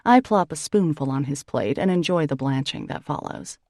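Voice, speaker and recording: A woman's voice: low voice, moderate pace, darkish tone, no echo, studio quality. A woman narrating a first-person novel as an audiobook, in a wry, conversational way.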